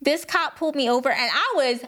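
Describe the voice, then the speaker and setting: A young adult woman co-hosting a casual book chat, an animated storyteller who acts out quotes and laughs often. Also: sits high, a little fast. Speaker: book podcast co-host.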